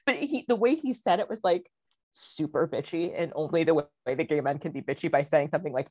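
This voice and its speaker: Lower-voiced woman telling a story, dry. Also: animated, quick pace, a little mellow, no echo. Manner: storytelling, laughs often, wry. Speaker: podcast co-host. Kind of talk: casual podcast chat.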